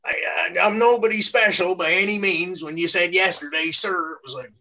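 A man's voice: high voice, steady tone, a little fast, pushed and bright, rough recording. A man being interviewed as a podcast guest, talking openly and often restarting his sentences. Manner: earnest, stammering restarts. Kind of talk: candid podcast conversation.

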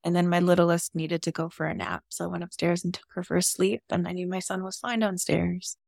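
A woman's voice: lowish voice, little pitch movement, a little fast, vocal fry, a little mellow, dry recording, studio quality. A woman guest on a podcast, candidly telling a personal story in an open, emotional and casual way, with some swearing.

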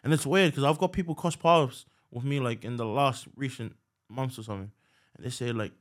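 A man's voice: mid-range voice, fast talker. A young man from New Zealand, a guest rapper chatting casually on a podcast in a laid-back way. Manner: laid-back, lots of "yes, sir" and "you know what I mean".

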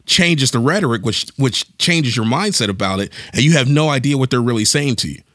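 A man co-hosting a talk podcast in an animated, casual style. He thinks aloud, circling back and restarting his sentences as he goes. His voice is mid-pitched and recorded close and dry. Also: brisk, no room sound. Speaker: podcast co-host. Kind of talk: casual discussion.

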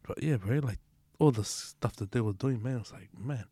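A man's voice: medium pitch, normal speed, mellow, slightly rough, dry recording. A man with a New Zealand accent in casual podcast chat, slangy, swearing and tagging lines with "eh". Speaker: podcast panelist.

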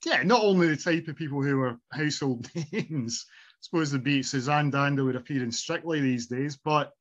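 Middle-aged man, podcast host, nostalgic casual chat, fairly high voice, slightly dull sound. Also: normal speed. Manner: chatty, reminiscing, laughs often.

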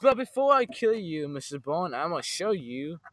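A young man putting on a slow, theatrical villain voice, playing a campy scheming movie bad guy. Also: a little high, very animated, fairly bright tone. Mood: mock menace. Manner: slow, drawn-out theatrical menace.

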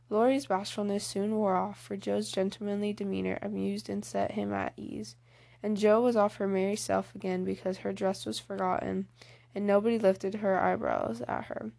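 A woman's voice: mid-range voice, creaky, warm tone. A woman narrating a classic novel in a casual, unpolished read-aloud. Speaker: reader. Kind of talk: amateur audiobook narration.

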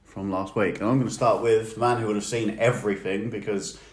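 A man's voice: on the low side, a little fast. A man co-hosting a podcast, swearing and laughing as he tells stories in casual banter. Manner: sweary, laughing, animated storytelling. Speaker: podcast co-host. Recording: echoey room.

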